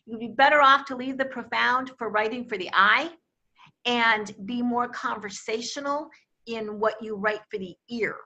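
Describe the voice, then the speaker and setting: Bright, high-voiced woman coaching on speech. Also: moderate pace, lo-fi sound. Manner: emphatic, quotes vivid examples. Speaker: communication coach. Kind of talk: interview conversation. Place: Akron, Ohio.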